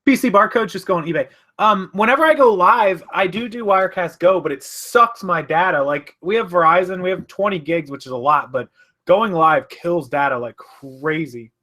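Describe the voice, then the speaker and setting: A man chats on a live stream from his home office, rambling loosely and correcting himself as he reads out comments. His voice is bright and forceful, sitting slightly above the usual male pitch. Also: moderate pace. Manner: rambling, chatty, self-correcting. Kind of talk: casual live-stream chat, reading viewer comments.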